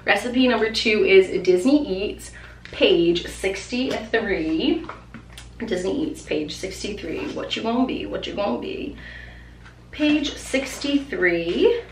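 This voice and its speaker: A woman's voice: medium pitch, expressive, slow pace, slight background noise. Bubbly young woman in an echoey room. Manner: bubbly, gushing, fillers of "like". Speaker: vlogger. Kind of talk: casual chat. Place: at home. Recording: echoey room, mic far off.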